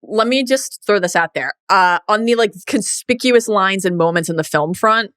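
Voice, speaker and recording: A woman co-hosting a podcast, talking through films in a playful, animated way. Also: medium pitch, normal speed, smooth, dry recording, studio quality. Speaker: podcast co-host. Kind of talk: casual film discussion.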